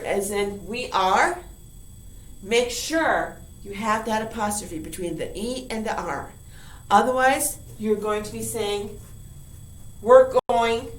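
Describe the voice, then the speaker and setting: Lively woman teaching in an echoey room. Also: medium pitch. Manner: lively, playful, repeats key words. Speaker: high school English teacher. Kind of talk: recorded online grammar lesson.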